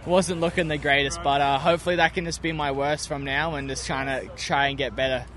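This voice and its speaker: A man's voice: a little high, fairly even intonation, fairly quick, a bit bright. A young man, a motocross racer, talking through his races in a rambling, upbeat way outdoors at a track. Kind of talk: post-race interview.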